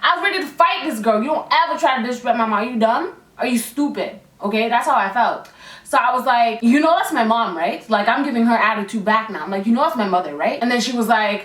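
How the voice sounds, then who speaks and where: A young woman telling a storytime to her viewers in a casual, animated way, acting out the people in it. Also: a little fast. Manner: animated, acts out voices with big pitch jumps. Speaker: beauty vlogger. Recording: echoey room, a bit far from mic.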